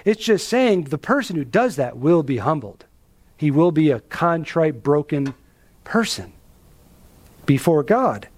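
With a sing-song, slightly mellow voice and a measured pace, a man preaches expository material. He's emphatic, asks rhetorical questions, and uses dramatic drops in pitch to add weight.

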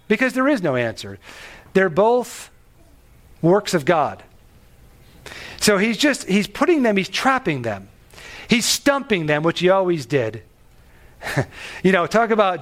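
A man preaching a sermon on a Bible passage, animated and emphatic, pushing his voice up on key phrases. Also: sits high. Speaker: pastor.

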